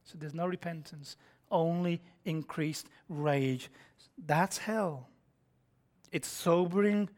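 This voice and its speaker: A man preaching a sermon, blunt and confrontational, swinging between hushed, whispered lines and shouted passages while quizzing his listeners. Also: fairly high pitch, slow pace.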